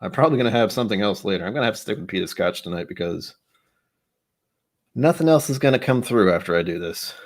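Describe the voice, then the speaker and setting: Low-voiced rambling American man streaming. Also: animated, fast. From United States. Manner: rambling, self-deprecating, talks to himself while setting up. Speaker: livestream host tasting whisky. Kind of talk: casual solo livestream chat. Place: home room, seated at a desk with glasses.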